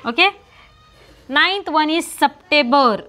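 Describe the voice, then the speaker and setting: High-voiced woman teaching children. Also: animated, takes it slowly, sharp tone. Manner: repetitive, asks and answers her own questions, stresses pronunciation. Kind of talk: online English lesson for young children.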